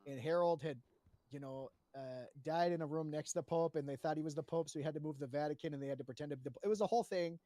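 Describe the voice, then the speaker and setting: A man with a fairly high voice recounts his side of a roleplay story to a panel in loose casual speech. He rambles, swears freely and keeps restarting his sentences. The sound is close and dry. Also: racing, mellow, dry recording. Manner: rambling, profane, full of fillers and restarts. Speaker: roleplay player giving testimony to a panel. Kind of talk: casual spoken retelling of roleplay events.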